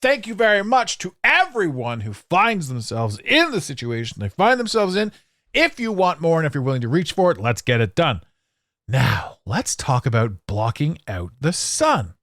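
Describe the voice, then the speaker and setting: A man hosting a podcast monologue, ranting sarcastically with animated swings and frequent profanity. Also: a little high, normal speed, no echo, studio quality. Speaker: podcast host.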